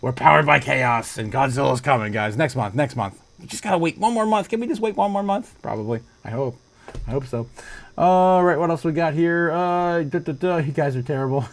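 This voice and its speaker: A man hosts a casual livestream and reads viewer comments aloud. His voice sits a bit high for a man. He is excitable, laughs often and breaks into loud exclamations. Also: fairly quick. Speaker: livestream host.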